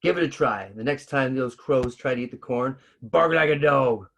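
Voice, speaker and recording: A man's voice: medium pitch, normal speed, fairly bright tone. A man voicing a helpful, confident male farm dog in a picture-book reading, with a friendly, advising manner.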